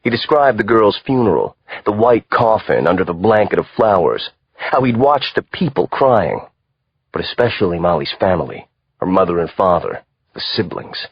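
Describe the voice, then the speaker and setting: A man reading a thriller audiobook aloud in a measured, expressive way. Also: lowish voice, slightly rough, no echo, highs cut off. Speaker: audiobook narrator. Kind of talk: scripted narration.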